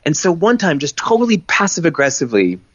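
A man, a guest on a podcast, telling stories in a relaxed, expressive way. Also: fairly high pitch, quick pace, no echo. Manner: animated storyteller, expressive. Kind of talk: casual podcast conversation. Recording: dull lo-fi, dry sound.

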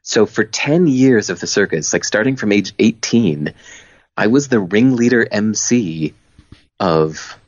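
A man, a guest on a podcast, telling stories in a relaxed, expressive way. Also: on the low side, a little slow, no echo. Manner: animated storyteller, expressive. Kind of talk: casual podcast conversation. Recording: dull lo-fi, dry sound.

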